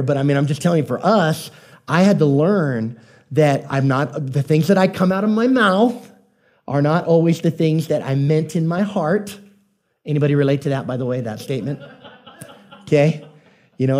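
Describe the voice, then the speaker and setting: A male pastor delivers a sermon with a soft, mellow tone sitting a bit above the usual male pitch. He talks to the congregation like a friend, telling stories and slipping in jokes and quick questions. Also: animated. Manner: conversational, joking storyteller addressing the congregation.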